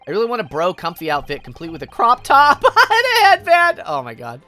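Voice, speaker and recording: A woman's voice: mid-range voice, wildly swooping pitch, fairly quick, few pauses, pushed and bright, faint music behind. A woman streaming a game, giggly and playful, chatting with viewers. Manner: giggly, playful, reads chat.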